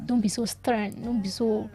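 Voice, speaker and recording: Nigerian woman speech therapist guest, bright voice. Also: a little high, steady tone, normal speed. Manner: emphatic, repeats key advice. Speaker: speech and language pathologist guest. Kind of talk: radio interview, explaining.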